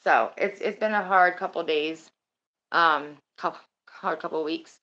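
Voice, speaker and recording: A woman's voice: lowish voice, a little slow, sharp tone, highs cut off. A woman streaming and chatting casually with her viewers, rambling and swearing now and then. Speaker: streamer talking to her chat. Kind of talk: casual livestream chat.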